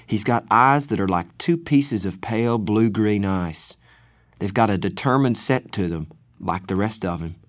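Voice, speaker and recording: A man narrating a novel in the first person, in a measured, deliberate storytelling manner. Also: on the low side, no room sound. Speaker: audiobook narrator.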